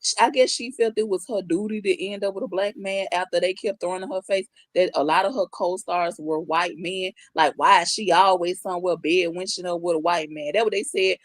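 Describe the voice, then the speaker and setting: A woman's voice: on the low side, steady tone, fairly quick, no room sound. Woman co-host, casual chat, candid and frank, dry close sound.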